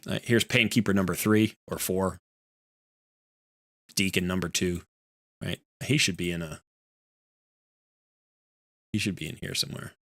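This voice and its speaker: A man's voice: low voice, measured pace, pauses often, fairly bright tone, dry recording, studio quality. A man hosting a live game stream, chatting casually and rambling with lots of fillers. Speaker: streamer host.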